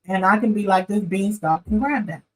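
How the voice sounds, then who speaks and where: A woman, chatting casually as she recaps a reality show, animated and opinionated, talking straight to her viewers. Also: medium pitch, normal speed, low-quality recording. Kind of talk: casual chat.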